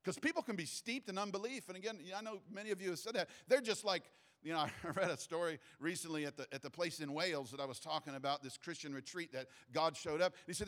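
A man's voice: fairly high pitch, fast, fairly bright tone. A middle-aged pastor preaching a sermon in a conversational way, often restarting his phrases.

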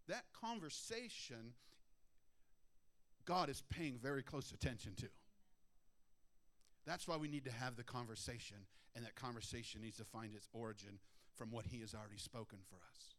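A middle-aged man preaching a sermon, moving between hushed, earnest prayer and emphatic exhortation. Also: mid-range voice, moderate pace.

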